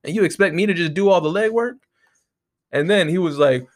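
Man on a profane, animated rant. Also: high-pitched, fairly quick. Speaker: podcast host. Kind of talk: casual ranting monologue. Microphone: close to the microphone.

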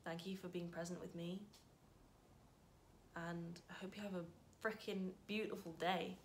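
A woman talking casually to her camera in a heartfelt vlog, thanking viewers and reflecting softly with sudden bright bursts. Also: lowish voice, flat delivery, normal speed, a little hiss or hum. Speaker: vlogger.

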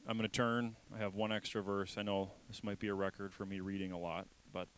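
Low-voiced man preaching with emphatic repetition. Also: little pitch movement, brisk, a little hiss or hum, poor audio. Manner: emphatic, repetitive, swings from loud to hushed. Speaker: pastor. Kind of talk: sermon.

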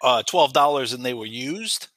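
A man's voice: medium pitch, lively intonation, normal speed, fairly bright tone, no room sound. A man co-hosting a podcast in casual chat, playful and teasing, fond of telling jokes. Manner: playful, teasing, tells jokes with put-on voices. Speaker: podcast co-host.

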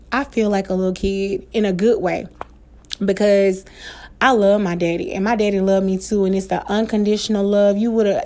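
A woman's voice: medium pitch, darkish tone. Candid woman with a Black American vernacular accent. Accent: African American Vernacular English. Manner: candid, emotional, swears freely, laughs often. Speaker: podcast host. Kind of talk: casual personal podcast monologue.

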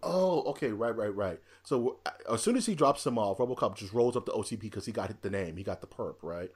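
A man hosting a casual film review chat, rambling through scene retellings with excitement. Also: on the low side, fast talker, slightly rough.

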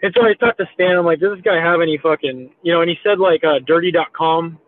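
His pitch fairly high and his pace fast, a thirtysomething meme creator chats on a podcast, telling a meandering, profane story peppered with "like" and "you know." The audio comes through tinny, as if over a phone.

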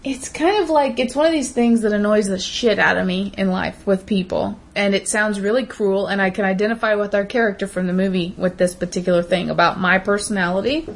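A woman's voice: medium pitch, fairly quick, few pauses. A woman co-hosting a podcast, ranting bluntly and emphatically in casual chat, with frequent swearing. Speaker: podcast co-host.

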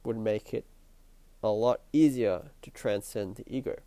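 A man hosting his own podcast with a stuffy, nasal voice and a croaky throat, musing in a reflective spiritual monologue and repeating his phrases as he thinks aloud. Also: lowish voice, a little slow, warm tone, no room sound. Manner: musing, repeats phrases, chuckles between thoughts. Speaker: podcast host. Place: at home at night.

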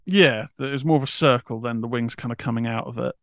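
A man's voice: mid-range voice, fast talker, no echo, clean studio sound. A British man co-hosting a casual wrestling podcast, laid-back, reading out history bits and laughing easily. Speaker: podcast co-host.

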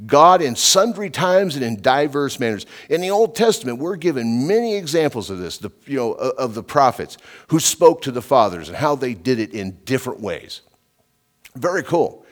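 A man's voice: mid-range voice, sing-song, normal speed. A middle-aged man preaching an informal verse-by-verse sermon, emphatic and chatty, often slipping in "you know" and stepping off his notes. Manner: conversational, emphatic, digressive, with frequent "you know". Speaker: preacher and radio Bible teacher.

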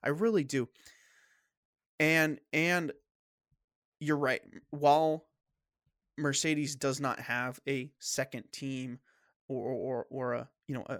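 A man hosts a casual sports podcast and argues his picks firmly, stumbling and restarting as he goes. He has a slight cough. His voice is mid-pitched and sits close and dry on the mic. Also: steady tone, a bit bright, dry recording. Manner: opinionated, halting with restarts. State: coughing, clearing throat. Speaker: podcast host.

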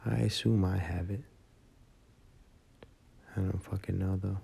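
A drunk man talks slowly into his phone, rambling and swearing. His voice sits very low and dark, with a husky, gravelly edge. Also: steady tone. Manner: rambling, profane, heartfelt. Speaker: voice memo rambler.

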